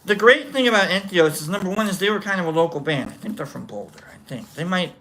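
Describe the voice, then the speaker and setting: A show host telling a long, rambling story in a casual way and acting out scenes with shouts. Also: medium pitch, lively intonation, fast talker.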